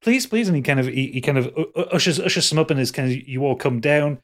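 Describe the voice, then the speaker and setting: Guy running a tabletop game, stumbles and restarts a lot, middle-pitched voice. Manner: halting, many restarts and fillers. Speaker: game master.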